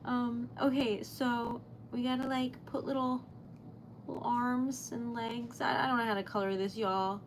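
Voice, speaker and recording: A young woman chats through a crafting livestream, giggling and flustered as she thanks viewers. Her voice sits fairly high. A faint hiss of room noise lies under the recording. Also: little pitch movement, measured pace. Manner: giggly, easily flustered, thanks chat often. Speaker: livestream host. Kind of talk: casual livestream chat while crafting.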